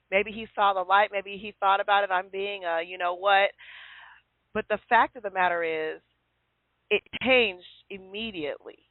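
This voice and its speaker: A woman's voice: mid-range voice, dry recording. Woman host on a tinny phone line. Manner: lively storyteller who acts out quotes. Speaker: show host. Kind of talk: casual call-in radio chat.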